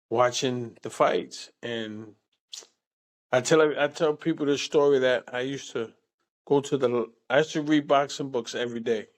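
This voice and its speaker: Older male guest, animated, salty storyteller, mid-range voice. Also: medium pitch. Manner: animated, salty, repeats words and says "man" often. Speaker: interview guest. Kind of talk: casual storytelling.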